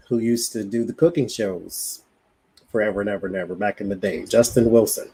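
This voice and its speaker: A man's voice: mid-range voice, moderate pace, a little mellow, breathy edge, low-quality recording. A man with a Southern country accent chatting casually on a livestream, rambling, interrupting himself and laughing often. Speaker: co-host.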